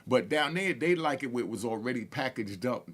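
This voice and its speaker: A man's voice: mid-range voice, lively intonation, fairly quick. A man from Harlem, casually telling street stories with stammered restarts and laughter. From Harlem, New York. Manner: laid-back, repetitive, stammering restarts and laughs. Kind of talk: casual storytelling.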